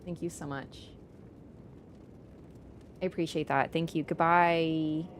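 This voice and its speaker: A woman livestreamer in casual chat, animated and teasing toward viewers and swearing casually. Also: low-pitched, slow, slight background noise.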